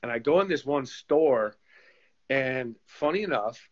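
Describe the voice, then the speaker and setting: A man's voice: mid-range voice, unhurried. Man telling stories, slightly muffled. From United States. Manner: animated storyteller who acts out quoted voices. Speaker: guest, former pro goalkeeper and coach. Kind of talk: casual storytelling interview. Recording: slightly dull lo-fi sound.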